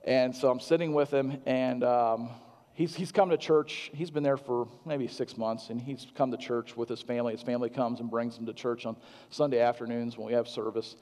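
Pastor guy preaching, lots of ums and restarts, warm low-key voice, reverby room. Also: steady tone. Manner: halting, many restarts and fillers, earnest. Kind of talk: sermon.

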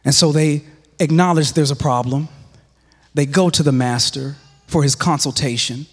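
A man preaching a sermon in a church, emphatic and repetitive, often dropping to a hushed low voice for weight. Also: moderate pace, long reverb tail, soft background music. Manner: emphatic, repeats phrases, drops to hushed lows.

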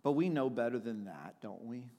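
A man's voice: mid-range voice, lively intonation, moderate pace, warm tone, big-room sound. A man preaching a sermon, telling personal stories in a reflective way with frequent restarts. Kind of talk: sermon with storytelling.

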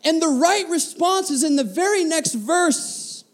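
A man's voice: extremely high pitch, expressive, measured pace. A man preaching a sermon as a pastor, passionate, often repeating words and asking the congregation questions.

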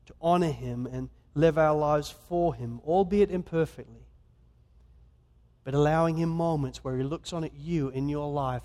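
A man with an Australian accent preaches from the pulpit in a high voice. He talks in an easy, conversational way that drops soft and then rises loud. His voice rings out with a long reverb in a large hall. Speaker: guest pastor. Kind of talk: sermon. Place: church.

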